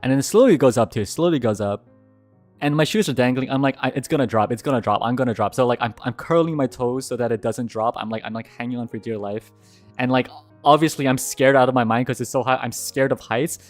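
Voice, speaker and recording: A man's voice: brisk, faint music behind. A young man streaming a casual Q&A, telling stories animatedly and answering questions. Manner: animated storytelling, jumps to high yelps when recounting fear. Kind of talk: casual Q&A livestream chat.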